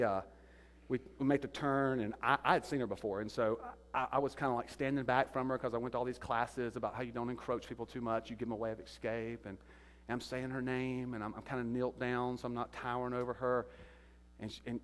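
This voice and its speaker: Halting man preaching in echoey hall. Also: medium pitch. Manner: halting storyteller, repeats words. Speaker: guest speaker. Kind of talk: sermon testimony. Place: church sanctuary. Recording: echoey sanctuary reverb.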